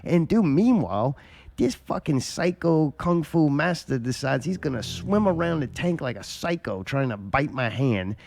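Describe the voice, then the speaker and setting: A man's voice: a little high, very animated, normal speed, creaky, a little mellow. A man hosting a podcast, telling a long, profane, rambling story in casual chat. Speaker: podcast host.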